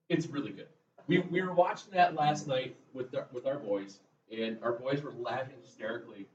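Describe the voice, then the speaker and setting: A man's voice: mid-range voice, animated, moderate pace. A male math teacher giving a classroom lecture, chatty and drifting into jokey asides. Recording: echoey classroom, mic far off, muffled, faint room noise.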